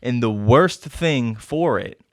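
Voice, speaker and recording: A man's voice: mid-range voice, expressive, takes it slowly, no room sound, studio quality. A young man hosting a casual podcast chat, talking frankly and swearing often as he argues his points. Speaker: podcast host.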